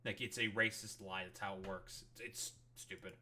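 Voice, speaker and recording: A man with a bright, forceful voice rants at political clips as he streams. He swears constantly and sounds openly fed up. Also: low-pitched, steady tone, moderate pace, slight background noise. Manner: angry, profane ranting. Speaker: streamer reacting to news clips. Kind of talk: casual political commentary.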